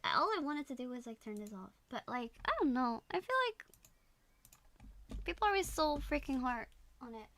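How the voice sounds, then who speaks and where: Bright, gravelly young Dutch woman streaming. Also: high voice, animated, moderate pace, dry recording. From Netherlands. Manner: rambling, giggly, many filler words. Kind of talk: casual live-stream chat.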